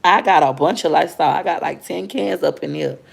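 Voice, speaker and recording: Here a thirty-something woman hosts a laid-back livestream, sincerely chatting with viewers and reading their comments. She speaks at a moderate pace in a low, creaky voice.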